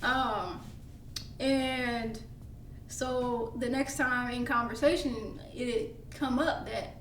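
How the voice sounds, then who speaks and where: Woman co-host, thoughtful and halting, higher voice, distant echoey mic. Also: fairly even intonation. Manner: measured, reflective, many fillers. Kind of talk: casual podcast conversation. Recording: roomy, distant mic with faint noise.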